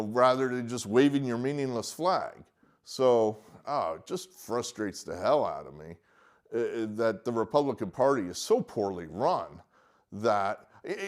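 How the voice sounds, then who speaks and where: Lively, exasperated ranting man. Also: mid-range voice. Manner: exasperated, ranting, with sarcastic asides. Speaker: political commentator; poll worker. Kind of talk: casual opinion monologue.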